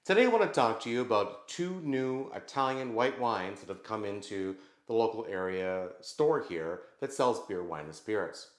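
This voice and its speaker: A man's voice: lowish voice, lively intonation, normal speed, few pauses. A man hosting his own vlog, explaining wines to the camera in a casual, conversational way. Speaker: vlog host. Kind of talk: casual talk to camera about wine. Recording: echoey room.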